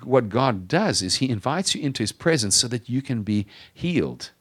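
A man preaching a sermon in a conversational, self-deprecating way, rising in pitch and volume for emphasis and slowing on key phrases. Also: expressive, breathy edge. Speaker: pastor.

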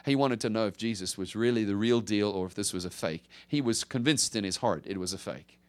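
A male pastor preaching a conversational sermon, swinging from emphatic rises to hushed drops. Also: lowish voice, fairly quick.

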